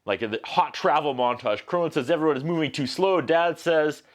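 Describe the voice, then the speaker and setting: A man's voice: fairly high pitch, moderate pace. A man recapping a film for a home video review, with sarcastic, joking asides. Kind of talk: comedic movie recap.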